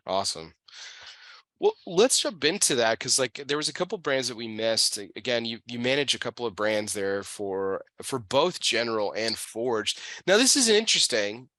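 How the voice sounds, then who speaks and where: A man's voice: mid-range voice, sing-song, moderate pace, sharp tone, no echo. A man hosting a casual talk show, chatting loosely with many fillers and restarts. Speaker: podcast host. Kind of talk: casual chat.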